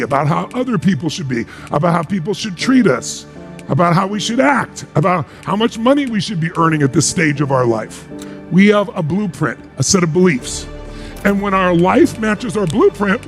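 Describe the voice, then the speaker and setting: A middle-aged man giving a motivational speech to a live audience, emphatic and full of rhetorical questions. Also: sits high. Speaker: motivational speaker.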